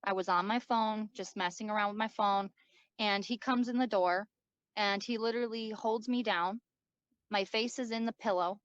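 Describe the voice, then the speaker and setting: A woman gives a personal account in an interview, speaking haltingly and repeating words as she goes. Her voice sits at an ordinary middle pitch. The recording is dull and lo-fi, with a dry, close sound and no room echo. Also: steady tone, smooth. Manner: halting, repeats words, many likes and ums. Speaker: interview guest.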